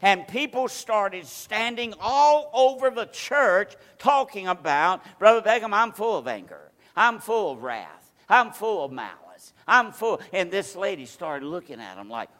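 Preaching man with high, echoing voice. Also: very animated, a little slow, hardly any pauses. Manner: storytelling with acted-out quotes, dynamic swings from loud to hushed. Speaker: pastor. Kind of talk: sermon. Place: church sanctuary.

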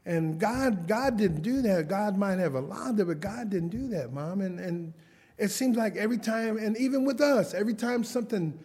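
A man's voice: high voice, moderate pace, breathy edge. A middle-aged man preaching a sermon testimony in a church, telling family stories with frequent chuckles and calls for amen. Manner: lively storytelling, chuckles often, calls for amens.

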